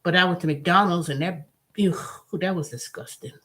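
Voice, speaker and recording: A woman hosting her own channel, telling a story in a casual, animated monologue with blunt, profane language. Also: fairly low pitch, moderate pace. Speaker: host.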